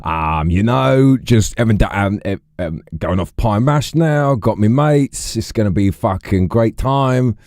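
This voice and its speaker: A man's voice: lowish voice, expressive, unhurried, few pauses, darkish tone, dry recording, clean studio sound, voice pushed up. A man putting on a jaunty Cockney geezer voice, slangy and swearing. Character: cheeky Cockney geezer version of himself.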